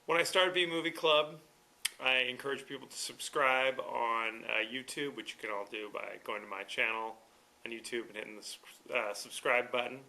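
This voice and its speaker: Bright-voiced man hosting a movie podcast. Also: medium pitch. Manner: chatty, with fillers and restarts. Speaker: podcast host. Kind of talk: casual movie review talk.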